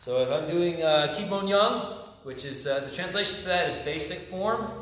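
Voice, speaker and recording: A man's voice: on the high side, animated, moderate pace, fairly bright tone. Male taekwondo instructor in echoey hall. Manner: chatty, repeats "okay?" to check in, restarts often. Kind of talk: casual spoken class instruction. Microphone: phone camera held by a helper. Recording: echoey hall, long reverb.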